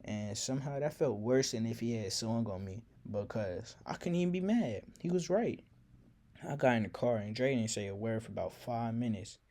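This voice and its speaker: Dark-voiced man telling a story. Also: medium pitch, lively intonation, brisk, few pauses. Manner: casual slangy, reflective. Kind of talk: personal storytelling.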